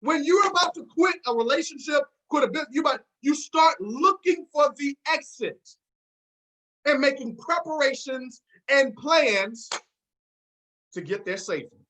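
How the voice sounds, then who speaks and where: A man giving a motivational speech on a sales team call, preacher-like and emphatic. He repeats his key words, drops to a hush, then rises to a shout, and asks his listeners to answer back. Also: extremely high pitch, lively intonation, normal speed.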